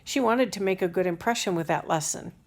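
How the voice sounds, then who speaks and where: Gravelly-voiced woman reading a children's novel. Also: on the low side, fairly quick. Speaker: audiobook reader. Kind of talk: scripted narration of a children's novel.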